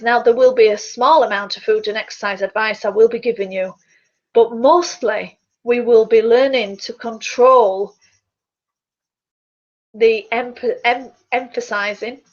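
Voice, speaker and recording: A woman with a somewhat high voice talks casually into her computer mic, chatty and a bit rambling, tripping over the odd word. The sound is dull and lo-fi, like a video call from a small, quiet bedroom. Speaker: fitness coach and public speaker. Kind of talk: casual chat to webcam. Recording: dull lo-fi webcam audio.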